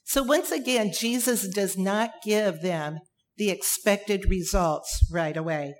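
A woman preaching a sermon, emphatic, with dramatic pauses and repeated phrases. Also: mid-range voice.

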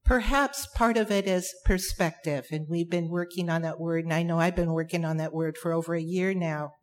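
A woman preaching a sermon, emphatic, with dramatic pauses and repeated phrases. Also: lowish voice, a little mellow.

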